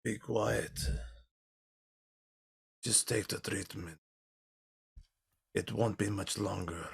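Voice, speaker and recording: A man voicing a cold, quiet torturer in a tabletop game, speaking in a hushed, flat voice. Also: lowish voice, slow pace, creaky, slightly rough, voice pushed down, full character voice. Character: cold, quiet male torturer giving injections.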